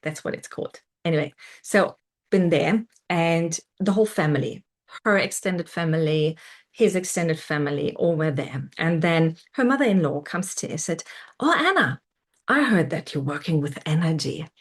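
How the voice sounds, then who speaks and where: Lowish-voiced woman. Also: moderate pace, slightly rough. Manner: animated, repeats words for emphasis, acts out her inner voice. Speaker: self-development coach and host. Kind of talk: personal storytelling monologue.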